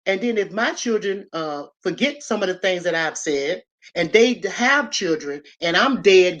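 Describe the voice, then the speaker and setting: An older woman vlogging to her viewers in a loose, rambling way. She speaks bluntly and curses often. Her voice sits at a middling pitch for a woman. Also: fairly bright tone. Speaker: YouTube commentator. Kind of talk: casual talk to camera.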